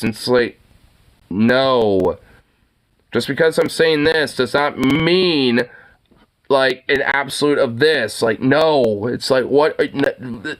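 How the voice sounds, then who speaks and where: A man's voice: fairly high pitch, fairly bright tone. A young man hosting a casual solo talk, ranting with lots of fillers, swearing and frequent laughter.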